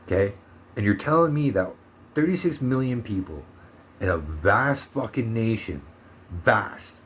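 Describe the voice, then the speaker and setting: Brief: lowish-voiced man from Canada, angry profane rant, soft background hum. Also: lively intonation, measured pace. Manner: profane, heated, sarcastic. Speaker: vlogger. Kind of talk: ranting monologue vlog.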